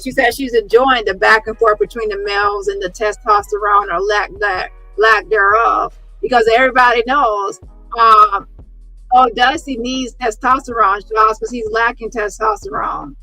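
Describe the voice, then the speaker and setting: A woman giving casual online commentary in a sarcastic, mocking and animated way. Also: on the high side, low-quality recording.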